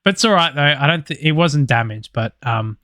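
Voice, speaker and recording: A man's voice: on the high side, animated, fairly quick, pushed and bright, no room sound, clean studio sound. A man casually telling a podcast story, loose and sweary with lots of fillers. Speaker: podcast co-host.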